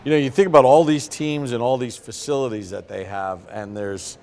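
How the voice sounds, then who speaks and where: A man at medium pitch hosts a roundtable. He asks long, conversational questions of his guests. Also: a little fast, a little mellow. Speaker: host. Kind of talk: interview questions.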